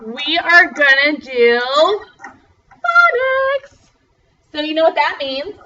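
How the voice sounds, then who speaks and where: A young woman teaching a first grade class over a video call, slowly spelling out words in a bubbly, encouraging way. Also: high voice, pushed and bright, lo-fi sound. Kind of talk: online class lesson.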